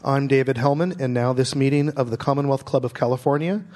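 A man's voice: mid-range voice, steady tone, fast, a little mellow. Man reading a formal closing announcement. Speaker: event moderator and host. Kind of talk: formal scripted sign-off. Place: stage at a public event, also broadcast on radio.

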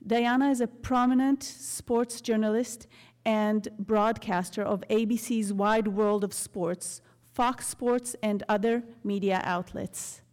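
A woman's voice: medium pitch, steady tone, slow, a little mellow. A woman announcer reading a formal introduction at an event in a polished way. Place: event hall. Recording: long hall reverb.

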